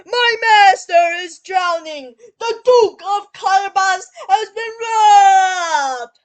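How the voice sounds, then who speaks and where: A woman's voice: very high voice, takes it slowly, pitched above the performer's own voice. A woman voicing a clever, scheming male cat crying out in alarm in a storybook reading. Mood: alarmed shouting. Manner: dramatic cries for help.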